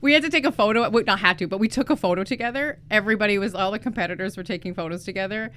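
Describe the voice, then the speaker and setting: Woman, co-host, bubbly, chatty, clear smooth voice, casual talk. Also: mid-range voice, racing, a bit bright. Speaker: podcast co-host. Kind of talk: casual chat.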